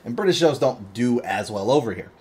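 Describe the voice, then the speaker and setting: A man co-hosting a podcast in casual chat, retelling a story in an animated way, swearing constantly and laughing often. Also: mid-range voice, a little fast, husky. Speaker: podcast co-host.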